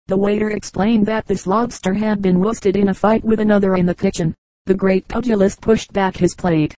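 A woman reading a collection of humorous anecdotes as an audiobook, in an even, measured storytelling manner with lightly acted quotes. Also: mid-range voice, dry recording, rough recording. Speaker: audiobook reader. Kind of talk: scripted narration of humorous anecdotes.

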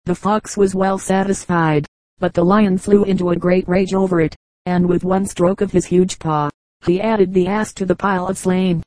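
Mellow woman reading fables. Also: lowish voice, dry recording, low-quality recording. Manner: measured, steady reading. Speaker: audiobook reader. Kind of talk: scripted storybook narration.

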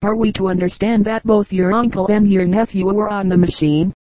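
Woman reader doing an impatient, interrupting male traveler, dark tone, storybook. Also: mid-range voice, steady tone, a little fast, dry recording, natural voice, low-quality recording. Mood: exasperated. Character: exasperated older male commercial traveler.

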